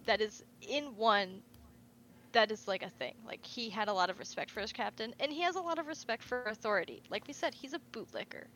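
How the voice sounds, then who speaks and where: A woman's voice: a little high, fairly quick, poor audio. Chatty woman with faint background hiss. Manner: animated storytelling, quotes characters in asides. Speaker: podcast co-host. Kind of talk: casual fan podcast chat.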